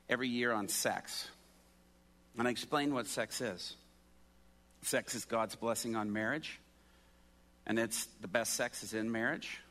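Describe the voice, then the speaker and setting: A bright, forceful male pastor caught mid-sermon, spinning a story with lively energy. He throws himself into the voices of the people he describes, swinging from calm narration to loud outbursts. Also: medium pitch. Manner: animated storyteller who acts out the people in his story.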